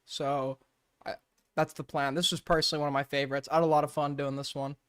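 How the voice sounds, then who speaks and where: A man's voice: fairly high pitch, little pitch movement, quick pace, a bit bright, clean tone, dry recording, studio quality. A man streaming, giving casual amused commentary on a roleplay clip, laughing and rambling with fillers. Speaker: streamer reacting to clips.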